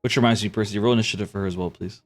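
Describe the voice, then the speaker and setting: A man narrating a tabletop game as game master in a relaxed, chatty manner. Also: fairly low pitch, very fast, faint music behind. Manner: relaxed, chatty, many fillers.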